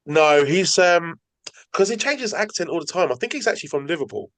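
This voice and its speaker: Easygoing English podcast host. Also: male voice, on the high side, lively intonation, a little fast, fairly bright tone. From England. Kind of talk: casual interview.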